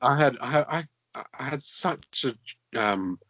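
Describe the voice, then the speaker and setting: A man's voice: medium pitch, animated, slow, sharp tone, dry recording. A man, a guest author chatting casually and self-deprecatingly, often restarting his sentences. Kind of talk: casual interview chat. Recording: dull lo-fi podcast audio.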